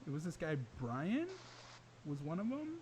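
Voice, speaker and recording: A man's voice: on the high side, huge pitch swings, normal speed, darkish tone, husky, low-quality recording. A man hosting a gaming podcast in casual chat, upbeat and chatty with frequent laughs. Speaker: podcast host. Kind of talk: casual chat while setting up a livestream.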